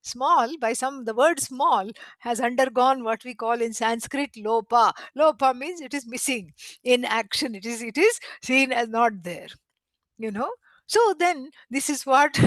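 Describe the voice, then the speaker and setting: A woman with a high voice teaches a scripture class, telling the story in an animated way. She chuckles often and chants Sanskrit lines. The recording is close and dry. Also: dry recording. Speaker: Vedanta teacher. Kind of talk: spiritual lecture with storytelling.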